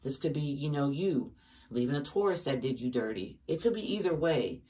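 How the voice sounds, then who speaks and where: A woman's voice: a bass voice, animated, moderate pace, warm tone, distant mic. A woman giving a casual tarot reading, talking emphatically to her viewers and cursing often. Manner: emphatic, swears often, talks straight to viewers. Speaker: tarot reader.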